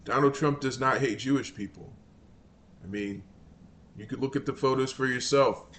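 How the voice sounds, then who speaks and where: A man's voice: mid-range voice, moderate pace, a bit bright, a little hiss or hum. A man hosting political commentary, ranting in an exasperated, scornful and rambling way.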